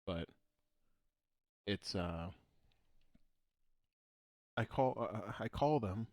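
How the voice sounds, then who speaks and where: This podcast co-host speaks extremely slowly in a lowish voice with lively intonation. In casual chat he rambles through stories, laughs often at them, and trails off mid-sentence, all in a dry, close recording.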